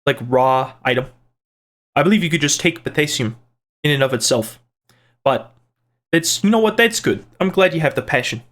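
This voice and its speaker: Guy reading his viewers' comments, kinda high voice, rambly and jokey. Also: expressive, moderate pace, pauses often, fairly bright tone. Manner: rambling and playful, with restarts and side jokes. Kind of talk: casual chat.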